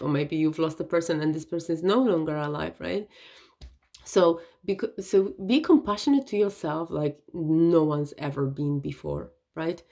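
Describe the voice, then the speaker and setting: A woman giving an earnest, gentle self-help talk, often checking in with "right?" and "okay?". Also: lowish voice. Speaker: wellness vlogger.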